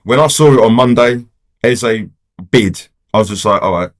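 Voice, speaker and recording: A man's voice: mid-range voice, moderate pace. A man, a football fan vlogger ranting casually to camera in a rambling, exasperated way. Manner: rambling, exasperated, heavy on "you know" and "do you get what I'm saying".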